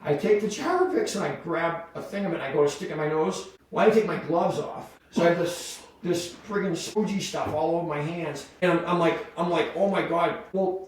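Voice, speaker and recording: Male podcast guest, animated storyteller, voice a little high, off-mic in a very echoey room. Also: a little fast, few pauses, distant mic, slight background noise. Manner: animated, full of "like" fillers and voiced quotes. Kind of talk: casual storytelling.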